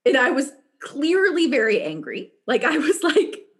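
A woman telling a story in casual chat, animated and laughing often, with frequent restarts. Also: high-pitched, unhurried.

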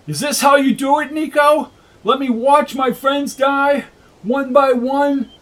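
A man voicing a grieving, furious male team leader in an audiobook, shouting in slow, drawn-out words. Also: extremely high pitch, fairly even intonation, distant mic, voice pushed up, full character voice. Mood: anguished, shouting. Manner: raised, drawn-out, anguished shouting. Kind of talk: audiobook character reading.

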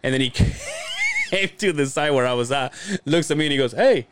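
This male podcast host has a slightly high voice at a moderate pace, with a little hiss or hum on the recording. He's an animated storyteller who swears freely and performs the quoted voices in his casual chat.

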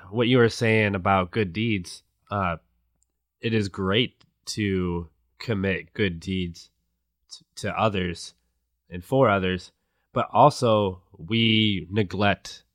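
A man hosts a relaxed conversation in a very low voice. He speaks slowly and with care, pausing to find his words. The recording is close and dry. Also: no echo. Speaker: podcast host. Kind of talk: casual chat.

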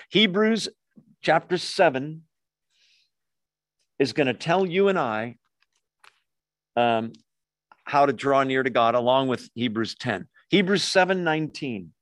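A man teaching a Bible study in a relaxed, conversational way, with pauses, fillers and quick asides to his group. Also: mid-range voice, no echo, clean studio sound.

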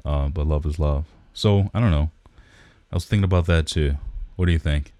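A man with a mellow bass voice co-hosts a podcast, talking fairly quickly in a relaxed, rambling chat heavy with fillers. The close-miked recording has no room sound.

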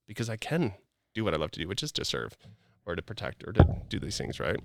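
A man's voice: lowish voice, big pitch swings, fast, creaky, slight background noise. A middle-aged man, a podcast guest, talking in an earnest, preachy, motivational way with many casual "like" fillers.

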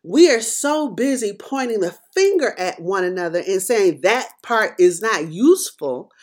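A middle-aged woman hosting a podcast, speaking in an emphatic, preacherly monologue that swings between loud and quiet. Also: medium pitch, lively intonation, measured pace. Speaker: podcast host. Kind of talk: impassioned commentary monologue.

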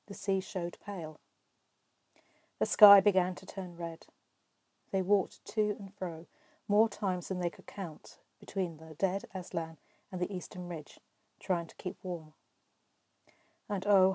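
A woman reading a storybook aloud with expressive, measured narration. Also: fairly low pitch, no room sound. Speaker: reader.

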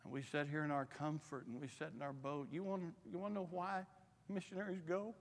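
Man, missionary sermon, passionate, fairly high voice, church reverb. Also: little pitch movement, fairly quick. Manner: impassioned, rising to shouts. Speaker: missionary preacher. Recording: long hall reverb.

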